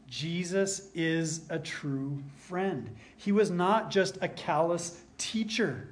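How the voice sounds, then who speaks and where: A man preaching a sermon as pastor, earnest, repeating key lines for emphasis and dropping to a soft hush at times. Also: a little high, slow, few pauses, slight background noise.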